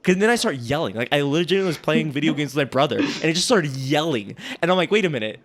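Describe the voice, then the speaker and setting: A man's voice: a little high, expressive, quick pace, a bit bright. A man co-hosting a casual chat, rambling and joking as he critiques sales emails, often breaking off mid-sentence. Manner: rambling, self-interrupting, joking. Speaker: podcast co-host.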